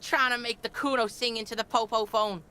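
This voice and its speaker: A man's voice: extremely high pitch, fairly even intonation, brisk, sharp tone, clean tone, pitched above the performer's own voice, exaggerated voice. A man voicing a hostile, foul-mouthed street kid from a video game who swears constantly and talks about himself in the third person.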